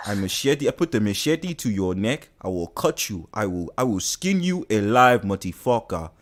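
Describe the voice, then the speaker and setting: A man's voice: fairly low pitch, sing-song, moderate pace, voice pushed down. A man putting on a threatening man with a Nigerian accent, growling his threats. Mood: menacing. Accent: Nigerian (put on).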